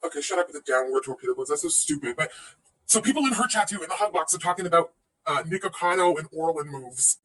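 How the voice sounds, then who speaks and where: Sarcastic woman streamer, lively swings. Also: low voice, fast. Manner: sarcastic, swearing, laughs often. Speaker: livestream host reacting to another streamer. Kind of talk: casual commentary livestream. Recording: voice a bit far from the mic.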